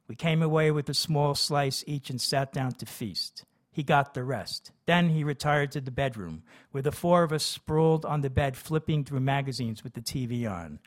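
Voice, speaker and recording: A man's voice: medium pitch, moderate pace, hardly any pauses. A man reading his memoir aloud, who breaks off into chatty, hesitant asides. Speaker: memoir narrator.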